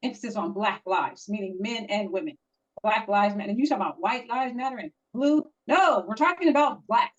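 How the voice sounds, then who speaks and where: A woman's voice: mid-range voice, animated, fairly quick. A woman co-hosting a casual podcast, telling a story in a heated, emphatic way. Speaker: podcast co-host. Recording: dull lo-fi audio.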